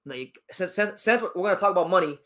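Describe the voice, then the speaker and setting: Hosting live-stream boxing commentary, a man takes questions from chat and argues his opinions emphatically, repeating words when worked up. His voice sits high and a bit bright, a little fast, with lively intonation.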